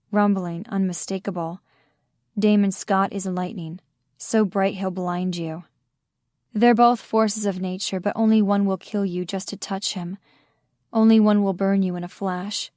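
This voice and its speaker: A woman tells a first-person story in a measured, intimate reading voice. Her pitch sits in the middle of the range. The recording is dry and close, with no room echo. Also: darkish tone. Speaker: audiobook narrator. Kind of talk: first-person audiobook narration.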